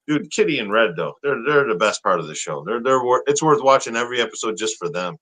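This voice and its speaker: Bright-voiced man chatting casually. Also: mid-range voice, lively intonation, fast talker, low-quality recording. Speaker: co-host. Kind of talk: casual chat.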